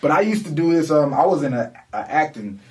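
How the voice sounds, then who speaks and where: Co-hosting a music podcast, a man tells rambling, laid-back stories in casual chat. His voice is a little high, very animated, and a little fast, and it sounds recorded from a distance.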